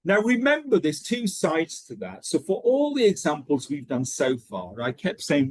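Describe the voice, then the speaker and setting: A man's voice: fairly high pitch, wildly swooping pitch, moderate pace, few pauses, dry recording. A man training teachers, explaining pronunciation methods step by step and checking in with a frequent "okay?".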